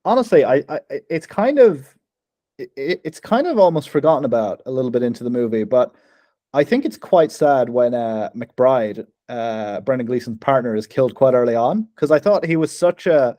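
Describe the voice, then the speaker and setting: A man's voice: mid-range voice, expressive, normal speed, mellow, no echo. A young Irish man co-hosting a casual film review chat, chatty and laughing often, with frequent restarts. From Ireland. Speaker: podcast co-host.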